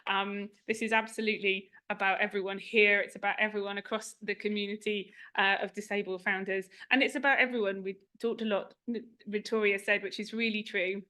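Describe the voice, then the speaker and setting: A woman's voice: medium pitch, steady tone, a little fast, few pauses, pushed and bright. Woman chairing a launch, chatty and informal, rattling through thanks. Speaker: review chair giving closing thanks. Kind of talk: event speech. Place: event room at a launch.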